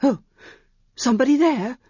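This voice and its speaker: A hesitant old eunuch servant from a storybook who sighs as he speaks, voiced by a woman narrator. He talks slowly and sounds unsure of himself. The recording is dull and close. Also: high-pitched, animated, warm tone, husky, no echo, pitched above the performer's own voice. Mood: uncertain. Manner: hesitant, sighing. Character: slow, fat old male eunuch servant, uncertain.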